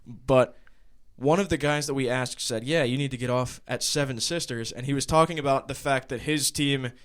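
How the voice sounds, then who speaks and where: A man's voice: medium pitch, moderate pace, clean tone. An American man co-hosting a casual soccer podcast, telling a travel story with frequent fillers and laughs. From United States. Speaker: podcast co-host. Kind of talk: casual sports chat.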